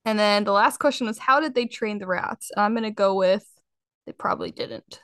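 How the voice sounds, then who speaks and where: A woman's voice: medium pitch, brisk, fairly bright tone, no room sound, clean studio sound. Playful giggly woman podcast host. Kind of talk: casual podcast chat.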